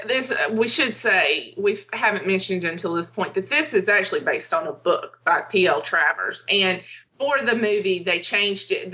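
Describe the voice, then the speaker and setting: A woman's voice: fairly low pitch, sharp tone, lo-fi sound. A woman co-hosting a podcast in casual chat, talking with many fillers and acting out her own thoughts. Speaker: podcast co-host.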